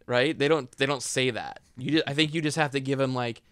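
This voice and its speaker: A man's voice: medium pitch, fast, hardly any pauses, fairly bright tone, clean tone, no echo. A man co-hosting a casual podcast chat, building his arguments from examples. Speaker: podcast co-host and editor.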